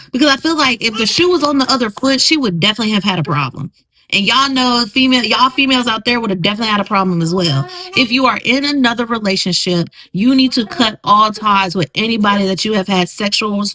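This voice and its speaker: Woman, podcast host, blunt and emphatic, bright fairly high voice. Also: poor audio. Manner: blunt and emphatic, reacting to posts she reads aloud. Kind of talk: solo podcast commentary.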